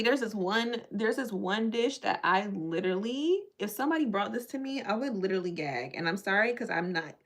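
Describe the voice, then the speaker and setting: A woman vlogger chats casually while she sets her hair. She jokes in an animated way and keeps slipping into playful mock voices. The talk is loose and conversational. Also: mid-range voice.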